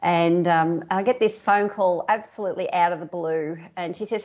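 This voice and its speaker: An Australian woman, a guest embroidery artist, telling a story in an animated way, laughing often and acting out what people said. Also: on the low side, moderate pace, few pauses, lo-fi sound. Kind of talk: podcast interview storytelling.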